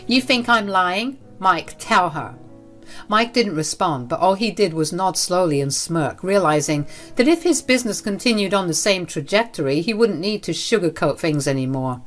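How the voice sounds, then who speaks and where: Low-voiced woman narrating a dramatic story. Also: lively intonation, moderate pace, few pauses, soft background music. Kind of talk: scripted first-person story narration.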